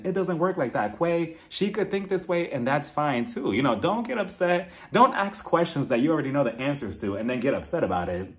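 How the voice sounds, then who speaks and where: A man with a fairly high voice talks through a reality show episode in a loose, conversational recap. He is candid and outspoken, swears freely and laughs often as he weighs in on the cast. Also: expressive, fairly quick, few pauses. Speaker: reality TV reviewer. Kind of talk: casual recap commentary.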